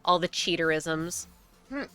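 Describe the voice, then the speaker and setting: A woman's voice: fairly low pitch, expressive, measured pace, sharp tone, clear, resonant tone, faint music behind. A young American woman streaming a game, chatting casually with frequent swearing and laughter. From United States. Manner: chatty, swears often, laughs between remarks. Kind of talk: casual gaming commentary.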